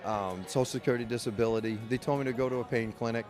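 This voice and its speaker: A man's voice: medium pitch, fairly even intonation, very fast, music in the background. A man candidly telling his own story in an interview, blunt and profane, rambling with restarts. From United States. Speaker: medical cannabis caregiver and patient.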